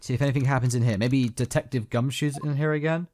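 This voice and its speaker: A man's voice: medium pitch, steady tone, fast talker, a little mellow. A man casually commenting on a game playthrough, reading its text aloud and making fun of himself as he goes. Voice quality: casual, rambling, self-mocking. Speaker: gaming YouTuber.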